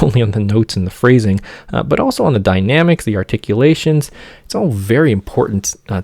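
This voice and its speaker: A man giving an informal music theory lecture, singing motifs in nonsense syllables and pausing often with fillers. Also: on the low side, a little mellow, no echo, studio quality.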